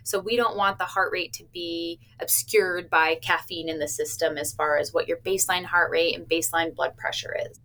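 Woman, cheerful, explanatory, medical staff, relaxed interview answers. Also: fairly low pitch, normal speed, few pauses. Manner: upbeat, explains plainly with little laughs and playful patient quotes. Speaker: cardiac stress test staff member.

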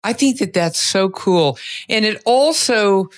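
A woman's voice: medium pitch, slow pace, no room sound, clean studio sound. Emphatic middle-aged woman host. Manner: energetic, emphatic, ranting. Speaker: podcast host. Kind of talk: enthusiastic interview chat.

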